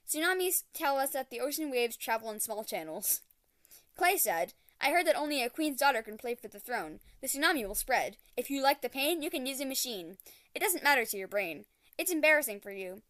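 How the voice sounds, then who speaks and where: Young woman podcaster, high voice, dry close mic, reads dramatically then rambles with lots of ums. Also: a bit bright, no echo. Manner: dramatic reading with quoted lines in raised voice; halting chat with fillers and restarts. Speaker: podcast host. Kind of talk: reading a garbled translated story aloud.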